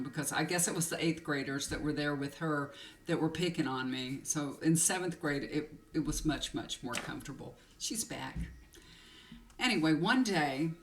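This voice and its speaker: A woman's voice: low-pitched, a little hiss or hum. A woman tarot reader telling a personal story to camera in a confiding, emotional way, rambling with many fillers, close to tears. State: tearful.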